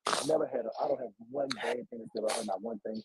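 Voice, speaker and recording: A man's voice: mid-range voice, rapid-fire, creaky, background noise. A man hosting a casual livestream interview, speaking hesitantly with many fillers and encouraging his guest.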